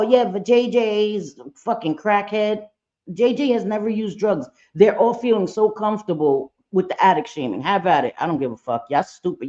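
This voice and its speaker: A woman's voice: mid-range voice, darkish tone, dull audio. A woman doing a casual livestream reaction, blunt and profane, talking straight to her chat. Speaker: livestream commentator.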